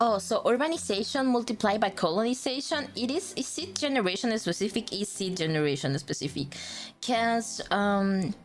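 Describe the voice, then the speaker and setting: A woman's voice: medium pitch, lively intonation, moderate pace, faint music behind. A young woman, a native Spanish speaker with a Latin American Spanish accent, chatting casually on a stream, rambling with lots of fillers and restarts and joking about herself. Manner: rambling, with many fillers and self-corrections; joking and self-deprecating. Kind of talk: casual chat.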